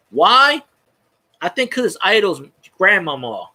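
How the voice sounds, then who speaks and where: A man's voice: on the high side, expressive, moderate pace, sharp tone. A young man in casual sports talk, ranting with profanity and frequent stumbling restarts.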